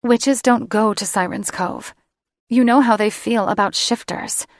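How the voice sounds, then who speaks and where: A woman's voice: a little high, measured pace, no room sound, clean studio sound, voice pushed up. A woman narrator voicing a distressed young siren woman who pleads and trembles with emotion in an audiobook. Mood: upset, pleading. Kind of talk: audiobook character reading.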